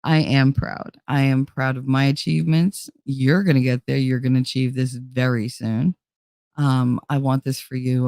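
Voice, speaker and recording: A woman's voice: very deep voice, a little mellow, no echo, studio quality. A woman hosting a casual livestream, blunt and profane, reading chat aloud while tired and running on fumes. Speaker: livestream host.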